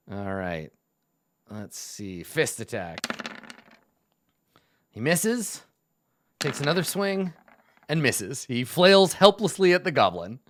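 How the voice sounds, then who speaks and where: A man narrating as game master in an online tabletop game, relaxed and chuckling, with plenty of uhs and ums. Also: medium pitch, no echo, studio quality. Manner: relaxed, laughing, many fillers.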